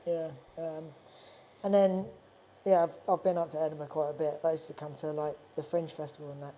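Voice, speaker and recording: A man's voice: fairly high pitch, flat delivery, a little fast, warm tone, a little hiss or hum, poor audio. A man chatting as a guest in a tattoo studio. He tells stories casually, swears freely and laughs often. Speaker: actor guest. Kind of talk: casual chat.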